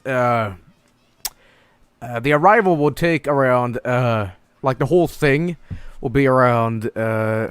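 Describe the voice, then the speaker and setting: A young man casually telling stories on a stream, halting and swearing, breaking into laughter. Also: medium pitch, smooth, no echo. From Sweden.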